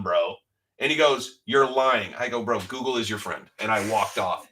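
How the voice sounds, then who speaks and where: Joking middle-aged man, bright voice. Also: mid-range voice, lively intonation, normal speed, far from the mic, rough recording. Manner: loose, joking, swears freely. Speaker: livestream card-break host. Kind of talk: casual storytelling chat.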